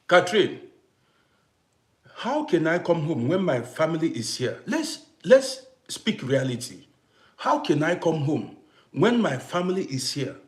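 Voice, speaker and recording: A man's voice: on the high side, echoey room. A middle-aged man from Africa hosting a casual live stream, talking emphatically to his viewers, repeating points and greeting them by name. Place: home in Vienna.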